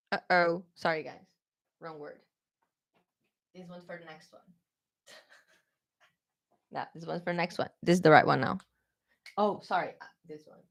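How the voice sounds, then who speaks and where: A woman's voice: mid-range voice, no echo, clean studio sound. Chatty woman teaching pronunciation live. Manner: chatty, repeats "okay?" often, self-correcting. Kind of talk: live online lesson.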